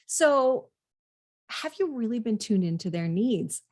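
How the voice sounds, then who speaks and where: A woman's voice: a little high, lively intonation, measured pace, a little mellow. A woman parenting coach giving direct advice, speaking earnestly straight to the listener.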